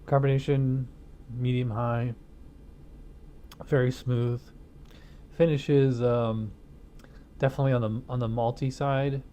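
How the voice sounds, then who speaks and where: A man hosting a casual beer review from a home studio, rambling through his thoughts with plenty of fillers and self-amused asides. His voice is mellow and relaxed, picked up close by a lapel mic hidden behind a studio mic. A faint hum sits underneath. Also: medium pitch, unhurried, pauses often. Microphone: wireless lapel mic hidden behind a studio mic.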